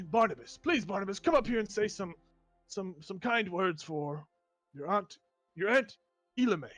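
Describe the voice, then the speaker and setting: A man voicing a pompous male wizard who leads a funeral, talking in a formal and halting way. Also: sits high, fairly bright tone, no echo. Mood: gushing. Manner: hesitant, formal, halting speech.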